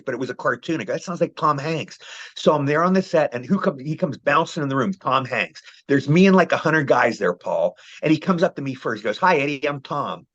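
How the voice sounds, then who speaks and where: A man's voice: on the high side, a bit bright. A man, telling rambling anecdotes as the guest of a casual interview. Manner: rambling storyteller, frequent "you know". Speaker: actor guest. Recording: muffled, lo-fi call audio.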